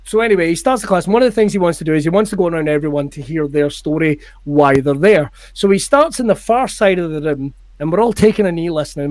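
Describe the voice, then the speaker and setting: A man's voice: a little high, a little mellow, no echo. A Scottish man, a comedian guest on a podcast, telling a story in casual chat, acting out quotes in raised voices, swearing and laughing. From Scotland.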